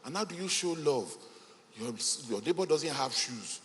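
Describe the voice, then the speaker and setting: A man addresses a business audience with emphatic, repeated phrases. His voice sits a little high and swings widely in pitch. The sound carries the long echo of a large hall over faint ambience. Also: animated, moderate pace, fairly bright tone, slight background noise. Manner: emphatic, repeats key phrases, laughs between points. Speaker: conference speaker. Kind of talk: motivational speech at a business event.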